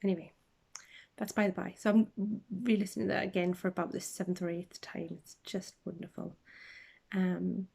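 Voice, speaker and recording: A woman hosting a casual podcast, rambling through book chat with lots of ums and tangents, sometimes dropping to a soft half-whisper, recorded on a phone. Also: on the low side, level tone, moderate pace, creaky, husky. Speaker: podcast host. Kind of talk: casual chat about books.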